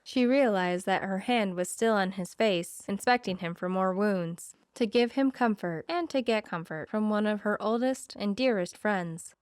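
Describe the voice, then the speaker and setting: A woman narrates a romance audiobook with a smooth, clear, resonant voice. Her pitch sits in the middle range, and the sound is close and dry. She slows her pace for the tender moments. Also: no echo.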